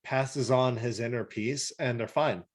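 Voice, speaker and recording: A man co-hosting a casual podcast, animated and laughing as he acts out scenes, swearing freely. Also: medium pitch, a little slow. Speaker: podcast co-host. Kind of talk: casual podcast chat reviewing a cartoon episode.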